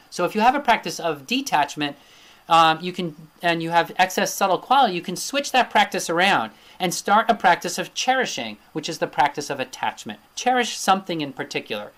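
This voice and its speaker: A male teacher gives a recorded lecture from his slides. He thinks aloud with plenty of fillers and often checks in with a quick tag question. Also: on the high side, fairly bright tone. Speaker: Ayurveda teacher.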